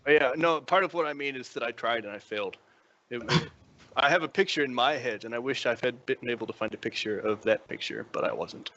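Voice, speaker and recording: A man narrating as dungeon master for a tabletop game, telling it in an animated way with frequent chuckles. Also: mid-range voice, brisk, highs cut off.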